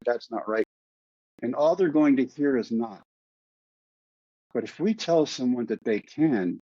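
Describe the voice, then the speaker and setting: Earnest husky man telling a story. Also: medium pitch, darkish tone, dry recording, lo-fi sound. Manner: earnest, heartfelt storyteller, repeats phrases for emphasis. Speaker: guest. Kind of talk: storytelling in a podcast interview.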